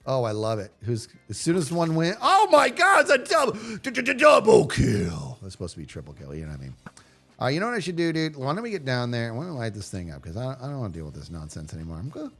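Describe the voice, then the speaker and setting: A man streaming a video game live, chatting casually with viewers and yelling playfully at the enemies on screen. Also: mid-range voice, very animated, rapid-fire, soft background music. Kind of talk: casual live gameplay commentary.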